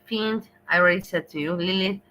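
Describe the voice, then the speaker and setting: A woman's voice: on the low side, fairly quick, bright, forceful tone, a little hiss or hum, poor audio. A woman hosting a casual livestream, chatting affectionately and playfully with her viewers. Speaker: livestream host.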